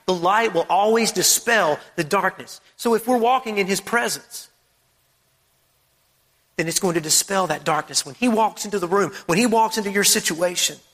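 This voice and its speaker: A man's voice: high-pitched, normal speed, fairly bright tone, big-room sound. A man preaching a sermon, emphatic and repetitive, who fires off strings of rhetorical questions.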